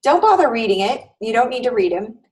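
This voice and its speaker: A woman's voice: fairly high pitch, sing-song, a little fast, a little mellow. A woman with a slightly raised voice teaches a live online class over a video call, talking conversationally and often checking in with her students. She sounds a little far from the microphone. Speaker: online course instructor.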